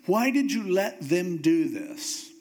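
An exasperated old prophet, put on by a man in a raised, scolding voice. He asks his questions in sharp disbelief. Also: high-pitched, sing-song, slow pace, pitched above the performer's own voice, exaggerated voice. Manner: scolding, incredulous.

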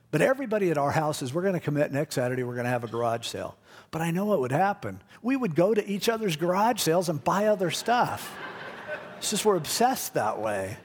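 A man's voice: a little high, husky, in a large hall. A male pastor giving a conversational, jokey sermon. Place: church.

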